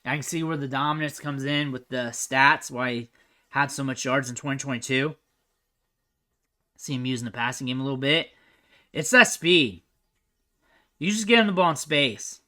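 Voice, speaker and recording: Bright-voiced man commenting on game film. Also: mid-range voice, moderate pace, pauses often. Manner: chatty, thinks aloud, trails off quietly at sentence ends. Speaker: recruiting analyst host.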